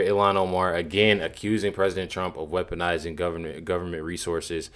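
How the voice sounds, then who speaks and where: A man's voice: sits low, steady tone, fast, hardly any pauses, fairly bright tone. A young man hosting casual reaction commentary, full of fillers and repeating himself. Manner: repetitive, lots of "you know" fillers. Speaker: commentary channel host.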